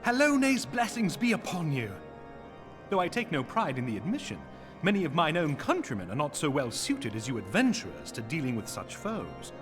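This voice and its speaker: A stately, gracious nobleman from a fantasy video game, his courtly, old-fashioned phrasing swooping widely up and down in pitch. He sounds formal and warm-mannered. Soft game music plays faintly behind him. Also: huge pitch swings, normal speed. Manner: formal, archaic courtly speech. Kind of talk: video game cutscene voice acting.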